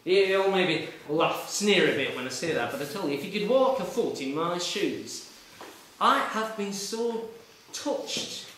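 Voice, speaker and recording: A man's voice: high voice, lively intonation, unhurried, a bit bright. An actor playing an aggrieved, blustering middle-aged male traffic warden in a live monologue. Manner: blustering, rambling, self-pitying, with sudden bursts. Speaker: actor in a solo stage show. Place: meeting room with a live audience. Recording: echoey room, voice from far off.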